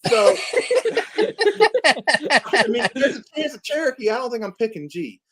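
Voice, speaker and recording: Animated man telling stories. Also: extremely high pitch, normal speed, creaky, a loud crowd. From Tennessee. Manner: animated, laughs often, acts out quoted voices. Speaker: podcast guest. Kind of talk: casual storytelling.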